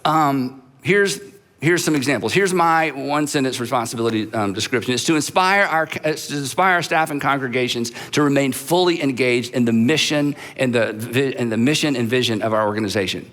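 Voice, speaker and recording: In a large church auditorium with long hall reverb, a middle-aged male pastor gives a conversational leadership talk to a live audience. His medium-pitched, slightly bright voice acts out quick dialogues, and he frequently restarts his sentences.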